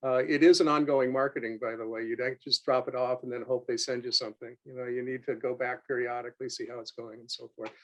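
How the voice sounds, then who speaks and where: A man explaining a product on a webinar over a video call, halting, with many filler sounds and restarts. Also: medium pitch, flat delivery, rough recording. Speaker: company representative on a webinar. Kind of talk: unscripted webinar talk.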